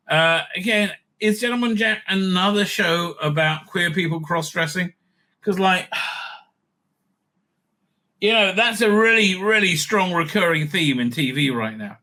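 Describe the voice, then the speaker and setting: High, bright-voiced sarcastic man. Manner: sarcastic, scornful asides, many fillers. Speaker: vlogger commenting on TV news. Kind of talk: casual reading and mocking commentary. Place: home with a dog nearby.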